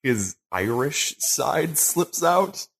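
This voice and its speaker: A young man co-hosting a podcast, talking casually and rambling with lots of ums and quick asides. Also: on the high side, big pitch swings, fairly bright tone, husky. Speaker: podcast co-host. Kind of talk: casual chat. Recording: poor home audio.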